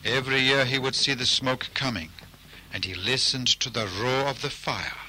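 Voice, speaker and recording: A man narrating a folk tale in a measured, deliberate storytelling style. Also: medium pitch, pushed and bright, a little hiss or hum, rough recording.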